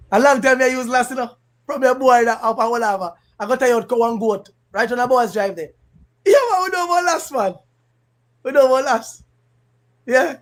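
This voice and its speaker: A Jamaican man with an extremely high-pitched voice hosts a casual political commentary stream. Animated and emphatic, he switches between patois and standard English, laughing and repeating lines for effect.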